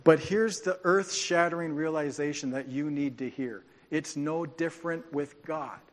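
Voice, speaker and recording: A man preaching a sermon as a pastor, animated and joking, acting out quoted voices. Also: fairly high pitch, measured pace, big-room sound. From grew up on a farm.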